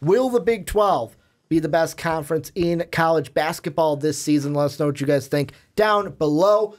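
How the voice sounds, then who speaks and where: A man's voice: on the high side, normal speed. A man co-hosting a casual sports podcast, chatty and jokey as he talks through games and picks. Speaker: podcast co-host.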